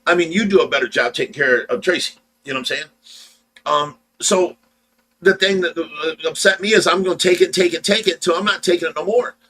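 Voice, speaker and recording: A man's voice: on the high side, a little fast, pushed and bright, low-quality recording. A man from Ohio casually telling a long story on a livestream, rambling and repeating words as he acts out the dialogue. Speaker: livestream host.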